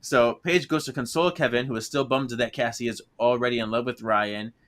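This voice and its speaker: Bright, animated man recapping a story. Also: medium pitch, brisk. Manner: animated, laughing often, acts out characters' lines. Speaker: podcast co-host. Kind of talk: casual chat recapping a book.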